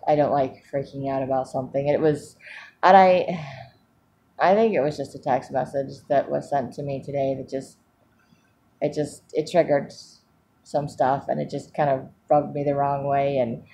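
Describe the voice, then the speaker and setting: A woman's voice: rumbling low, little pitch movement, moderate pace, warm tone, slight background noise. A woman talking candidly in a personal video diary, rambling and laughing often as she goes. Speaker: vlogger.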